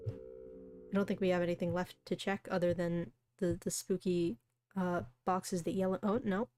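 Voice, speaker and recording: A woman streamer reads a visual novel aloud, slipping into chatty, giggly asides between lines, with soft music in the background. Her voice is fairly low, with big pitch swings, at normal speed.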